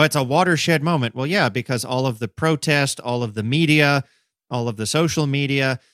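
A man co-hosting a casual podcast discussion, animated, acting out quotes in voices and building long metaphors. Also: medium pitch, dry recording, studio quality. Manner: talks in extended metaphors. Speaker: podcast co-host.

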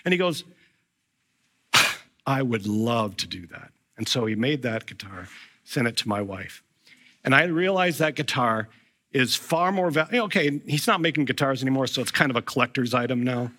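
A pastor preaches a storytelling sermon, animated as he acts out the voices of the people in the scenes he retells. His voice is medium in pitch and moves at a normal speed.

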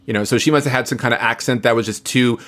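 A man talks over old films in a relaxed podcast chat. He gets animated as he goes and often trails off with a "like" or "you know". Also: medium pitch, racing. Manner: chatty, animated, trails off with fillers. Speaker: podcast co-host. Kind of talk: casual film discussion.

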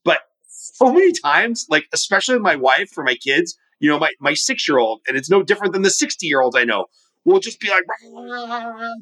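A man guesting on a podcast, chatting casually and telling animated, rambling stories with frequent restarts. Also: fairly high pitch, a little fast, rough recording. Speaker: podcast guest, mortgage professional and coach. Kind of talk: casual conversational podcast talk. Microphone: remote studio microphone.

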